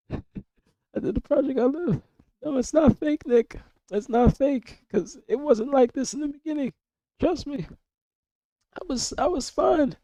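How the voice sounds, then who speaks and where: A sick young man whose hoarse, breaking voice keeps jumping up high, chatting on a live stream. He rambles, repeats himself and swears freely. His tone is dark and muffled, recorded close and dry. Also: unhurried, pauses often, no room sound. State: hoarse, voice cracking and going high from illness. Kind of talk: casual live-stream chat.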